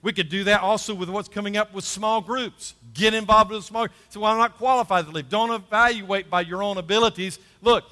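A man's voice: sits high, fairly even intonation, brisk, hardly any pauses, bright, forceful tone, in a large hall. A man preaching a sermon as pastor, emphatic and repeating key phrases, calling for responses from the congregation.

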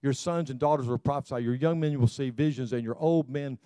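An older man preaching as a pastor, with a mellow, warm voice and a dry, close sound. He pushes the congregation with repeated calls and stumbles into restarts as he goes. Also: mid-range voice, brisk, no room sound. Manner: exhorting, repeats "come on" to the congregation. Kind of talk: sermon.

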